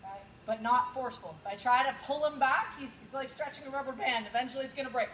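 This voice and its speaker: A woman's voice: high-pitched, fast talker. Woman dog-agility instructor, echoey. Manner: coaching, calls cues to the dog in bursts. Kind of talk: outdoor training class instruction. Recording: echoey with loud background noise.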